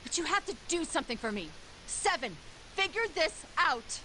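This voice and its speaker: A brash, impatient woman in a video game snaps and curses in a very high, bright voice. Her delivery leaps up and down with exasperation. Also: big pitch swings, moderate pace, slight background noise, full character voice. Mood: grudging. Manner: sharp and exasperated, swears freely.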